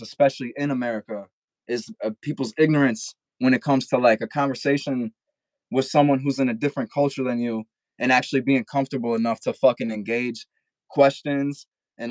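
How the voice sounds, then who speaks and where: A man's voice: mid-range voice, no echo, low-quality recording. A young man talking casually as a guest rapper on a podcast, rambling and swearing with lots of filler "like", over a video call.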